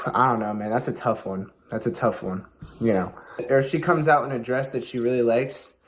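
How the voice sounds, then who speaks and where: A man's voice: mid-range voice, normal speed. Rambling young man giving casual advice. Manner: loose, rambling, heavy fillers. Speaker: host.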